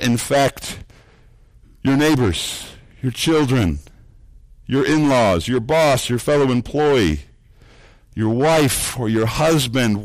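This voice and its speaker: A man preaching a sermon, earnest, repeating words as he builds points and dropping low and soft for emphasis. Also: no room sound. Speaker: pastor.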